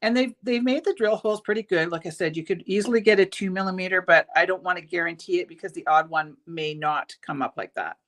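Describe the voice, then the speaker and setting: A woman's voice: lowish voice, fast, few pauses, a bit bright. A woman hosting a casual live-stream bead show from her jewelry shop. She talks in a chatty, rambling way, full of ums and restarts, and sounds keen on the beads. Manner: enthusiastic about the beads. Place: jewelry shop studio, indoors.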